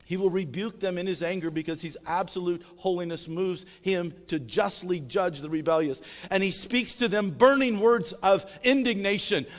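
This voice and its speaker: High-voiced preacher in a reverberant hall. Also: male voice, normal speed, few pauses. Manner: preaching with emphatic swells and drops. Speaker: pastor. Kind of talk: sermon. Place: church sanctuary.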